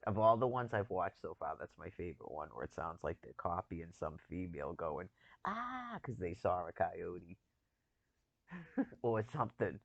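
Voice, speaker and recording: A man's voice: sits low, lively intonation, normal speed, gravelly, no echo, lo-fi sound. A man in casual chat, rambling and chuckling as he talks, with loose, profane phrasing.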